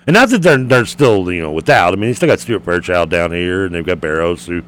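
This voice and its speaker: A man's voice: low-pitched, animated, fairly quick, a bit bright, a little hiss or hum. A man co-hosting a sports radio show, chatting casually and teasing his partner.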